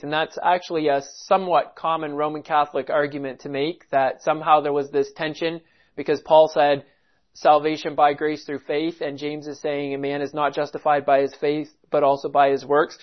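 A man's voice: fairly high pitch, level tone, normal speed. Earnest male Bible teacher, lo-fi. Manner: earnest, emphatic, with frequent restarts. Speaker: preacher.

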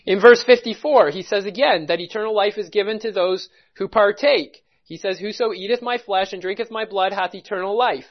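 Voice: medium pitch, a little fast, few pauses. A preacher giving a verse-by-verse Bible teaching, speaking in an emphatic, methodical way and stopping to stress key words. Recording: dull lo-fi recording.

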